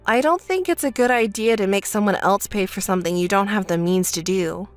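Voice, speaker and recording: A woman voicing a calm, level-headed young woman who answers her sister flatly and sarcastically, in a texting-story voice-over. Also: mid-range voice, brisk, dry recording, faint music behind, lightly acted. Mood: dry. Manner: flat, dry, sarcastic.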